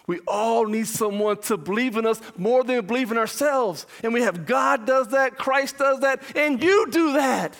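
A man, a pastor and father, preaching an impassioned verse-by-verse sermon, shouting much of it and then dropping to a low voice. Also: moderate pace, few pauses. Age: young adult or middle-aged parent.

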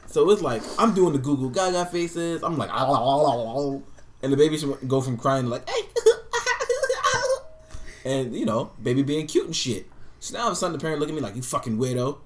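A man's voice: fairly high pitch, a little fast, slight background noise. A man in a casual group chat, telling stories animatedly and swearing freely. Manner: animated storyteller, swears freely, acts out people in dialogue.

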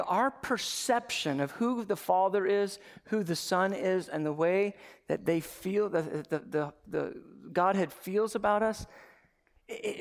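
A man preaching a lively sermon with humor and quick asides. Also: sits high, in a large hall. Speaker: pastor.

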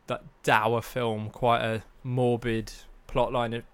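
A man's voice: mid-range voice, flat delivery, slow pace, a bit bright, smooth. A man co-hosts a casual film chat. He talks in an easygoing, rambling way and gives his views drily. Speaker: podcast co-host.

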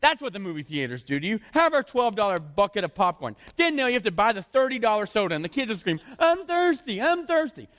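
A pastor delivers a sermon in a high voice, chatty and animated, now and then sinking low and intense. His words ring out with a long reverb in a church hall. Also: fast, hardly any pauses. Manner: conversational, animated, often drops to a low intense voice.

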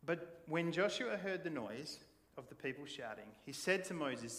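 A man's voice: fairly high pitch, normal speed. Man preaching in a reverberant hall. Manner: conversational, animated storytelling. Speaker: pastor. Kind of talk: sermon. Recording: long church hall reverb.

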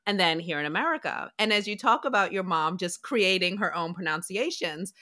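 A woman hosting a podcast, chatting with her guests in an expressive, playfully teasing way. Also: fairly low pitch, a little fast. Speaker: podcast host. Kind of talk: casual podcast conversation.

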